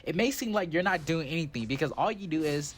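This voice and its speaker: A man's voice: fairly high pitch, lively intonation, fast talker. A man giving casual, rambling gameplay commentary as a channel host, full of "like" fillers. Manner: rambling and chatty, with many "like" fillers. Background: background music.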